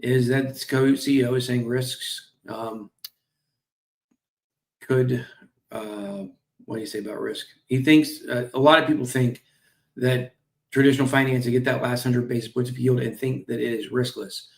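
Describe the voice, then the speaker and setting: A man with a mid-range voice and vocal fry hosts a crypto stream at normal speed, casually reading company news and commenting with jokey asides, fillers and apologies. He sounds a little tired and yawns. It's picked up on a streaming mic.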